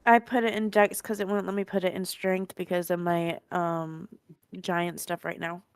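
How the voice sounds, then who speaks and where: A woman's voice: lowish voice, level tone, moderate pace, smooth, no room sound, clean studio sound. A woman player in a tabletop game chatting casually, playful and jokey.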